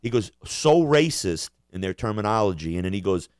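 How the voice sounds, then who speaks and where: A podcast co-host with a lowish, sing-song voice talks fairly fast and smoothly, rambling through crude jokes, profane rants, and jokey impressions in casual chat. The recording is dry and studio quality.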